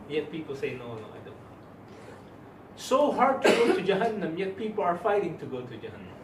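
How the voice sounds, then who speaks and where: A man's voice: sits high, recorded from a distance, slight background noise. Emphatic man teaching in an echoey room. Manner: emphatic, quizzes students with rhetorical questions. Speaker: Islamic teacher. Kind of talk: classroom religious lesson. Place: classroom or hall with students. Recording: echoey room recorded from afar.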